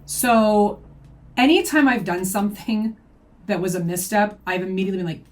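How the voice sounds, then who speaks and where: A woman's voice: mid-range voice, normal speed. A woman reacting to a video, defending herself point by point in casual commentary.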